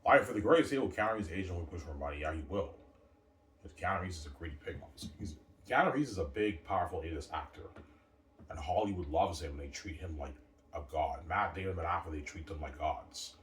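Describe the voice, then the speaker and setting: A man's voice: sits low, expressive, fast, fairly bright tone, slight background noise. A man in a casual, rambling monologue, boastful and repetitive, recorded from a distance in a roomy space. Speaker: vlogger.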